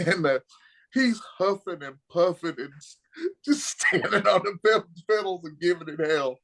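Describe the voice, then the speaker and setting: A man spins a rowdy anecdote in a slightly raised voice, swearing freely and staying animated throughout. He has the loose, casual manner of a guest in a laid-back chat. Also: sits high, unhurried, creaky. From Kentucky, USA. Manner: profane, animated storyteller. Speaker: guest, comic artist.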